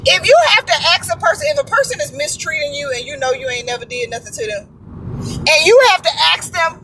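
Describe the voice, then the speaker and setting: A woman's voice: high-pitched, lively intonation, a little fast, bright, forceful tone, a little hiss or hum, rough recording. A woman vlogging casual commentary from a moving car, slangy and chatty, stumbling over words when she reads aloud. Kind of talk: casual commentary while driving.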